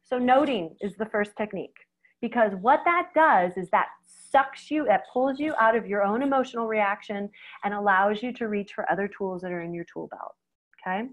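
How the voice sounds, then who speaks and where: A middle-aged woman, a veterinarian, giving a conversational webinar talk, lively and speaking straight to her audience. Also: medium pitch, normal speed, rough recording. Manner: lively, acts out quoted reactions, addresses audience directly.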